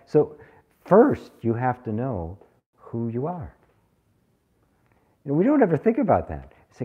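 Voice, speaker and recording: A man teaching a spiritual group, animated and laughing often as he acts out people's questions. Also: medium pitch, a little fast, husky, muffled recording. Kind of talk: satsang talk to a live group.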